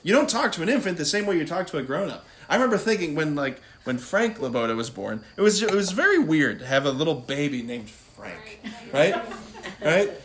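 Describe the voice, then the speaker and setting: A man giving an informal Catholic talk, animated and conversational, often laughing and asking "right?". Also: fairly high pitch, fairly quick. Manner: laughs easily while talking. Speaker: Catholic speaker. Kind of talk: casual faith talk.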